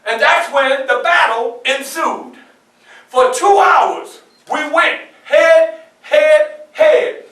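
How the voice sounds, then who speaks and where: A man performing Frederick Douglass, high and loud. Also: very slow, recorded from a distance, heavily acted. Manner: animated, often shouting, audience call-and-response. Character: Frederick Douglass, a defiant young man escaping slavery. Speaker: historical portrayer. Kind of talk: first-person storytelling performance. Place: public library event room. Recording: echoey room, mic from afar.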